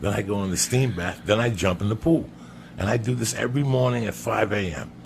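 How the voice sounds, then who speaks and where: A man telling a long personal story on a podcast in a profane, animated way. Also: fairly low pitch, brisk, creaky, noisy background. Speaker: podcast guest. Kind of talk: storytelling anecdote.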